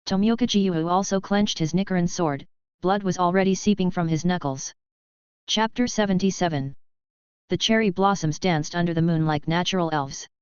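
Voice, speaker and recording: A woman narrating an audiobook of a web novel in an even, steady reading. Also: on the low side, normal speed, clean tone, no room sound, lo-fi sound.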